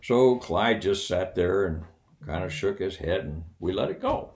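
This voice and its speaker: An older man, a retired Air Force officer, tells personal anecdotes in a folksy, animated way laced with wry humor. His voice sits low and his pace is unhurried.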